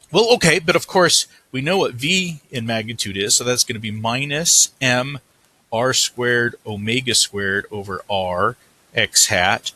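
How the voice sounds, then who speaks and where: A man's husky, bright-edged voice explains a physics problem step by step, as in a recorded lecture. He thinks aloud as he writes, stops to correct slips and moves on. His delivery is casual and easy. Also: medium pitch. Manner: thinking aloud, self-correcting while writing.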